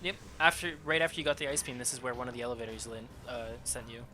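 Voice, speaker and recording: A man's voice: mid-range voice, fast talker, sharp tone. A man casually commenting as his friend plays a game, chatty and laughing often. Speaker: guide watching a friend play.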